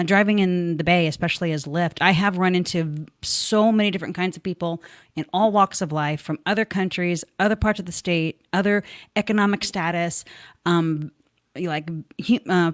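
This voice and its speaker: A woman's voice: fairly low pitch, no room sound, clean studio sound. A woman hosting a podcast, chatting casually and rambling a little with fillers. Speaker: podcast host. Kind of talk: casual chat.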